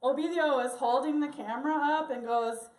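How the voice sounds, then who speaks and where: A woman telling a personal story to an audience in an animated, expressive way. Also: sits high, fairly quick, echoey room, distant mic. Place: church hall.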